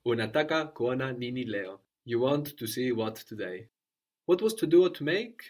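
A man teaching a spoken language lesson at an even, middling pitch. He prompts his learner with questions, then repeats each answer back patiently and encouragingly. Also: normal speed.

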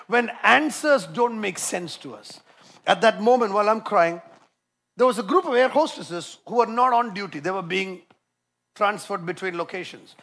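A man preaching a sermon with passion, moving between loud emphatic lines and quieter storytelling. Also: sits high.

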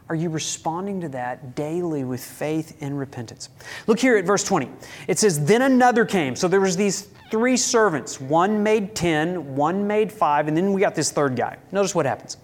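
A man preaching a sermon as a pastor, emphatic, with rhetorical questions and sudden rises in his voice. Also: fairly high pitch.

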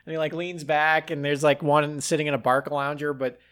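A man's voice: on the high side, flat delivery, fairly quick, fairly bright tone. A man co-hosting a comedy podcast, casually recapping a movie and riffing with jokes. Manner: jokey, riffs with silly voices for characters.

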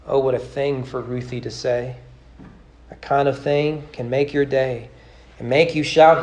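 A man pastor preaching a sermon with rhythmic, emphatic delivery and dramatic pauses. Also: mid-range voice, steady tone, darkish tone. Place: church sanctuary. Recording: roomy church sanctuary.

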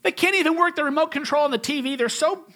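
A man's voice: very high voice, quick pace, bright, forceful tone, voice pushed up. A man voicing a whiny, entitled teenager who keeps making excuses in a self-pitying rant. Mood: indignant.

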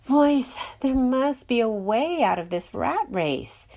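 A woman's voice: on the high side, sing-song, slow pace, gravelly, a little mellow, voice pushed up, exaggerated voice. A woman reading a storybook part as a frazzled, overworked woman who whines and complains of exhaustion. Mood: whining. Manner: whining, breathless complaint.

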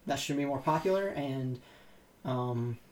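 A man's voice: mid-range voice, lively intonation, a little slow, a little mellow, reverberant, rough recording. Rambling young man in casual chat. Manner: rambling, hesitant, lots of fillers. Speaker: podcast co-host.

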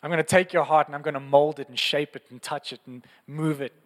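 A man's voice: on the high side, steady tone, fast, long reverb tail. A man preaching a sermon in an earnest, passionate, conversational way, often repeating phrases. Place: church.

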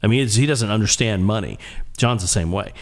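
A man telling a long casual anecdote in an animated way, often restarting and repeating words. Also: fairly low pitch, brisk.

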